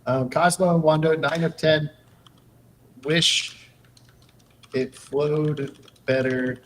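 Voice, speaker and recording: A man's voice: on the high side, steady tone, slow pace, a bit bright, slight background noise, rough recording. A young man hosting a casual live stream, joking loosely and reading chat aloud as he clicks around. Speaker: streamer and host.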